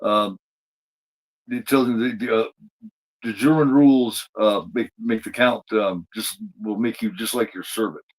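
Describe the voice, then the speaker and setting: A man's voice: lowish voice, unhurried, rough recording. A man hosting a podcast, retelling a TV episode in a casual, rambling way full of fillers and restarts. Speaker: podcast host. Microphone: streamed podcast mic.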